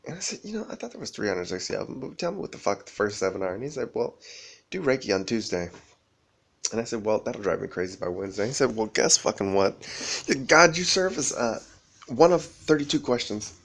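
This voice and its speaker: A man's voice: fairly low pitch, animated, fairly quick, gravelly, a bit bright, slightly rough. A man rambling through a profane monologue, often laughing as he talks.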